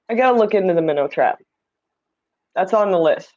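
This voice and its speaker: A woman's voice: fairly low pitch, expressive, brisk, darkish tone, highs cut off. Chatty woman hosting a livestream. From Indiana, USA. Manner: chatty, reads viewer comments aloud, greets viewers by name. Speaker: livestream host. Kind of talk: casual livestream chat. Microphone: streaming setup mic.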